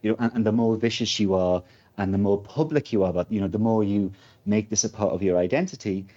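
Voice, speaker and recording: A man's voice: on the low side, fast, dark tone, dull audio. A man from Britain talking casually as a guest, rambling with many fillers and asides. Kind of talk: casual conversation.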